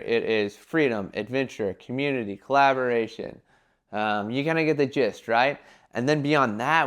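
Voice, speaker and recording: A young man giving casual business advice in a vlog, talking animatedly and filling his talk with "like" and quick acted-out quotes. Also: mid-range voice. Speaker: entrepreneur giving brand advice.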